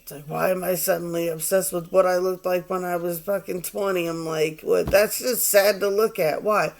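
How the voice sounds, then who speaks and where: A man's voice: sits high, fairly even intonation, moderate pace, creaky, faint music behind. A man in his forties giving a casual tarot reading, rambling, swearing and sounding exasperated. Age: 40s. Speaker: tarot reader.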